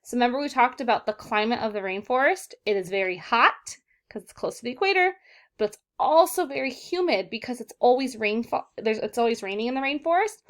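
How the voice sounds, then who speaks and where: A woman's voice: a little high, animated, a little fast. A young woman teacher giving an online vocabulary lesson to children, encouraging and patient, often checking in with "okay, guys?". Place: southern California.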